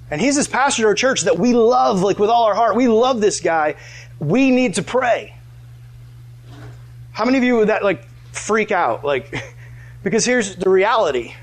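A man preaching a casual storytelling sermon, chatty and animated, full of "like" fillers. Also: high voice. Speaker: pastor.

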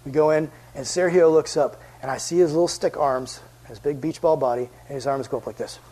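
A young adult man giving a youth sermon in a lively storytelling way, acting out voices and sometimes dropping almost to a whisper. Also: a little high, fairly quick, low-quality recording. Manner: animated storyteller, acts out voices, drops to near whisper. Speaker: youth pastor.

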